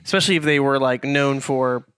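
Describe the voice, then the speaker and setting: A man's voice: mid-range voice, brisk, fairly bright tone, clear, resonant tone, no echo. A young man co-hosting a podcast, talking in a casual, rambling way with many fillers and restarts. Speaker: podcast co-host. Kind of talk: casual chat.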